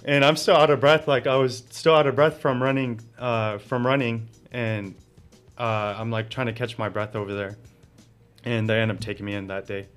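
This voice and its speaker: A man's voice: mid-range voice, flat delivery, moderate pace, a bit bright, clean tone, faint music behind. A man guest telling his story in casual conversation, laughing often and filling with "like". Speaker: interview guest.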